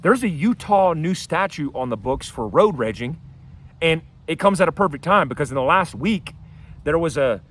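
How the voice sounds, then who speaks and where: A man telling a personal story to camera outdoors, casual and animated, acting out what people said. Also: fairly high pitch, normal speed. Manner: animated, acts out quotes in a raised voice. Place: outdoors by his house and driveway.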